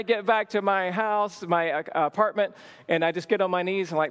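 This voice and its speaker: A man's voice: high voice, steady tone, moderate pace, fairly bright tone, clear, resonant tone, in a large hall. A man in his thirties telling a personal story at a marriage teaching session, acting out the dialogue with lots of energy. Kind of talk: storytelling talk.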